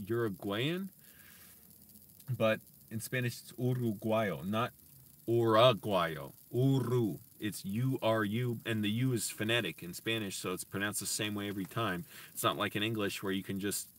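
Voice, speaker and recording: Low-voiced man sounding out Spanish words. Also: fairly bright tone, distant mic. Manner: slow deliberate sounding-out of words, self-correcting; chatty asides to viewers. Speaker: creator teaching himself Spanish on a stream. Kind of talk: casual live-stream language practice.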